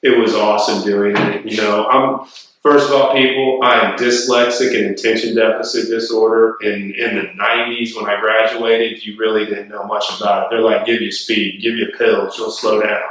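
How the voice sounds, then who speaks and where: A middle-aged man, a retired golf pro, telling animated stories as a podcast guest, swearing freely. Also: fairly low pitch, moderate pace. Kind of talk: casual storytelling interview. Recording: echoey room, distant mic.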